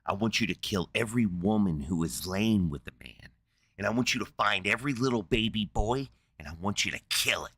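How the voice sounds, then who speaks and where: A man voicing a furious, bossy male prophet giving orders in a menacing low drawl. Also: animated, brisk, a bit bright, husky, dry recording.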